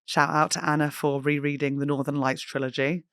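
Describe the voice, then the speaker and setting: A young woman hosting a podcast, telling stories in a giggly, animated way and swearing casually. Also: sits low, fairly quick, clean tone, dry recording, studio quality. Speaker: podcast host and comedian. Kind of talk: casual chat.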